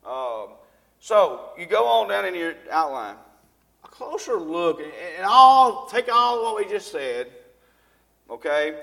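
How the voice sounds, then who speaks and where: A man's voice: on the high side, sharp tone, big-room sound. A man leads an informal Bible lesson, talking conversationally and quizzing his listeners with fill-in-the-blank questions. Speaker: Bible study teacher.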